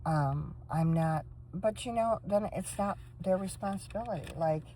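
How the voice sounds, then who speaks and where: Woman vlogger, low voice, tired, chatty, recorded on a phone in a van with faint noise behind. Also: unhurried, dark tone, low-quality recording. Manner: chatty, talks to her dog in between. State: tired, coughing. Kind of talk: casual vlog chat. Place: inside a parked van. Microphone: phone camera.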